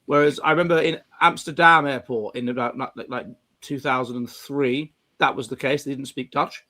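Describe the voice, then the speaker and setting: A man's voice: mid-range voice, steady tone, moderate pace, bright, forceful tone. A man hosting a casual panel chat, rambling with stumbling restarts. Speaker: podcast host. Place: home studio on video stream.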